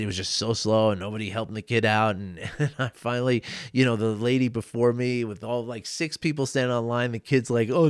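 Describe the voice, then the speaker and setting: A middle-aged male coach telling personal stories, animated, often laughing and acting out quotes. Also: medium pitch, no room sound, clean studio sound. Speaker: life coach. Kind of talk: reflective storytelling monologue.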